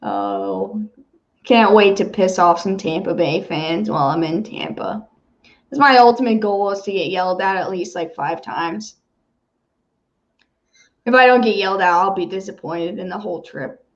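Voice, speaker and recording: A woman co-hosting a casual sports chat, animated, swearing freely and laughing often. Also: medium pitch, normal speed. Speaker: podcast co-host. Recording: dull lo-fi sound.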